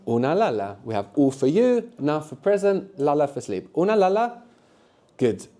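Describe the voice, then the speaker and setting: Male language teacher running a live classroom workshop, warm mellow tone, encouraging, keeps checking in with the group. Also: fairly high pitch, very animated, moderate pace. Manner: encouraging, quizzes the group with frequent tag questions. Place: classroom with students.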